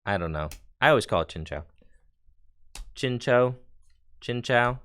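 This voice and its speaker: Bright, crisp-voiced excitable streamer man. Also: lowish voice, fast talker. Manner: chatty and excitable, slangy, with bursts of enthusiasm. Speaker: streamer opening card packs. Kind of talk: casual live-stream chat.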